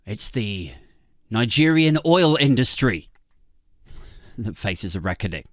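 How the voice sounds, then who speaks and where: Sing-song and slow, a British co-host on a comedy podcast mocks things sarcastically, laughing and swearing while his pitch swoops around. The recording is dry and studio quality.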